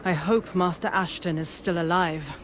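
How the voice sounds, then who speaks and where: A man's voice: a little high, fairly even intonation, normal speed, noisy background, close to an everyday voice. A man voicing a determined young inquisitor hero in a video game. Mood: resolute. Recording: game dialogue over music.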